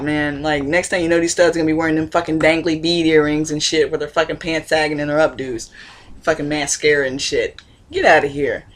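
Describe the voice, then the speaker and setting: A young adult woman from Indiana vlogging, telling a story in a blunt, profane way and laughing often. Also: deep voice. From Indiana, USA. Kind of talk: casual storytelling monologue.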